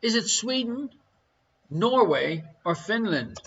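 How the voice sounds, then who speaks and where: A man's voice: high-pitched, sing-song, takes it slowly, a bit bright, dull audio, slight background noise. An Irish man hosting a live online quiz from his living room, reading questions and answers with a jokey, chatty manner. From Ireland. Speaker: quiz show host.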